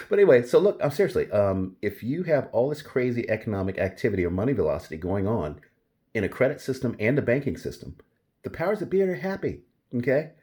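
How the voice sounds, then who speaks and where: A man hosting a casual solo monologue, talking in an animated, emphatic way and repeating his key points. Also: mid-range voice, brisk. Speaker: host.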